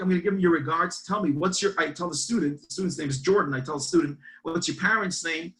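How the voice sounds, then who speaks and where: A man, a campus rabbi telling a story in a webinar and acting out both sides of the dialogue with lively energy. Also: a little high, quick pace, few pauses, poor audio. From Brooklyn, New York. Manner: animated, acts out dialogue.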